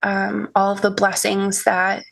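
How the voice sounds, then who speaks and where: A young woman telling an emotional personal story as a podcast guest, halting with many restarts and soft laughs. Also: mid-range voice, completely flat delivery, gravelly.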